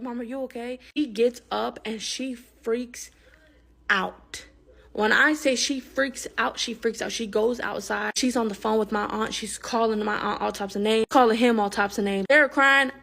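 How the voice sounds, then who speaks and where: Give me a candid young woman telling her own story, slightly high and gravelly. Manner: candid, emphatic, drops to hushed tones. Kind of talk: storytime monologue.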